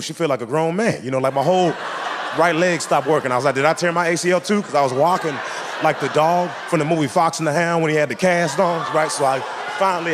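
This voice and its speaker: A young man doing a stand-up comedy routine, telling a story with animated delivery and acted-out voices on a club stage. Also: fairly high pitch. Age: 20s.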